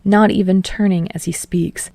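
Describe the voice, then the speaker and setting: Podfic lady, low gravelly voice, dry close mic, steady reading. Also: normal speed, dry recording. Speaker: podfic reader. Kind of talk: reading fan fiction aloud.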